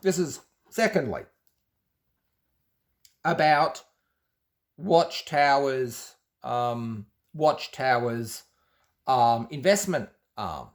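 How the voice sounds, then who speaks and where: An Australian man, a former Jehovah's Witness, tells his own story in a casual monologue that rambles, restarts often, and quotes back conversations. His mid-range voice is animated but very slow, with frequent pauses.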